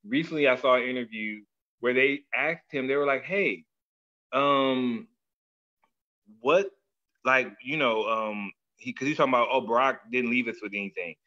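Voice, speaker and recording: Bright, animated man on lo-fi audio. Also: mid-range voice, normal speed. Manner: loose, animated, slangy, often acts out other people's words. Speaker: podcast host. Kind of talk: casual chat. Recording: dull lo-fi audio.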